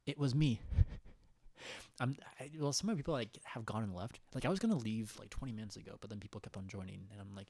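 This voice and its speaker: A man's voice: lowish voice, animated, quick pace, vocal fry, dark tone, slightly rough, dry recording. A young man hosting a casual livestream, rambling and giggling as he chats with viewers and reads their comments. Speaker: livestream host.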